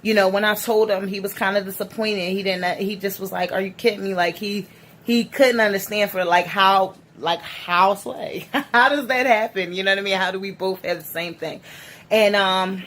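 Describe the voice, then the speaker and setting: A woman's voice: medium pitch, fairly even intonation, moderate pace, fairly bright tone. A woman in her thirties speaking in a casual personal vlog, teary and rambling, with many restarts. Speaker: vlogger.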